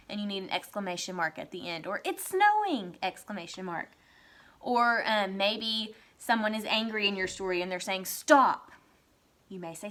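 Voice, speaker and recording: A woman teaching young children a writing lesson, speaking slowly and clearly and reading example sentences aloud with a lively, excited voice. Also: medium pitch.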